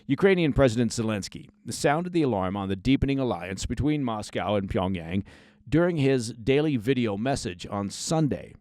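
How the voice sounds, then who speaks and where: A news podcast host with a lowish, darkish voice reads a scripted briefing in a conversational style, adding short asides and leaning on key words. The sound is clean studio quality with no echo.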